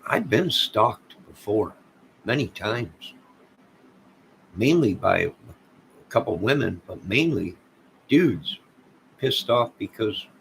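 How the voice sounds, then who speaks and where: A man's voice: fairly low pitch, vocal fry, fairly bright tone, slight background noise, poor audio. A man streaming live late at night, rambling in a conspiratorial way and talking straight to his chat.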